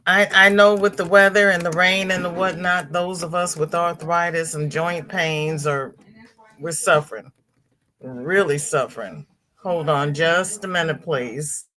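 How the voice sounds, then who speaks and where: A woman's voice: fairly low pitch, fairly even intonation, measured pace, bright, forceful tone. A middle-aged woman hosting a casual livestream, greeting viewers by name and reading out their chat comments. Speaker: livestream host.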